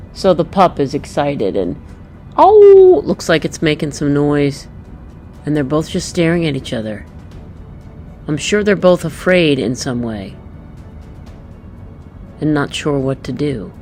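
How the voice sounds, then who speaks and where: Woman, deep voice, unhurried; gentle picture-book read-aloud for children. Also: expressive, faint music behind. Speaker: storyteller walking through a picture book.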